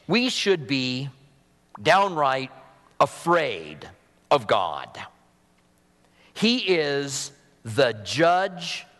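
A pastor at the pulpit of a church sanctuary preaches in a conversational, earnest way, sniffling from a cold and slipping in humorous asides. His voice is fairly high and fairly bright, with a long reverb tail.

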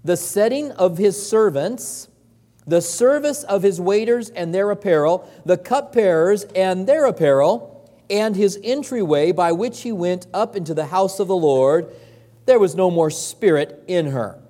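A man with a high voice delivers a sermon as pastor, earnest and conversational. He repeats his points for emphasis. The sound rings out with a long reverb, as in a church sanctuary. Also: animated, measured pace, warm tone.

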